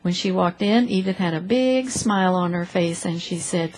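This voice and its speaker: A woman reads a story aloud in church. She is expressive and gives the characters' lines their own small voices. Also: on the low side, normal speed, few pauses, low-quality recording. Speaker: reader of a story in a church service.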